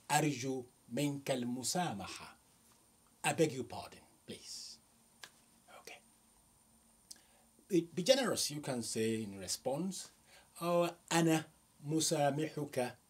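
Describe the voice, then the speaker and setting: A man from Nigeria, teaching a vocabulary lesson. He is patient and repeats each phrase slowly, pausing between them. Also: mid-range voice, a little mellow, husky. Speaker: language teacher.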